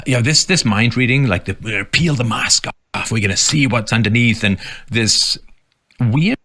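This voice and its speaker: A man's voice: medium pitch, animated, moderate pace, pushed and bright. A man giving sarcastic political commentary, reading out quotes and mocking them.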